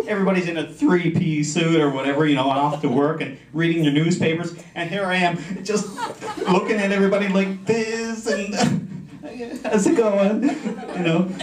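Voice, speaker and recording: A man with a fairly high voice tells a funny story at a speech contest, animated and lively. He is recorded from a distance in a large, echoey convention hall with the audience laughing along. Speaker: contest speaker. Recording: echoey hall, mic from far off.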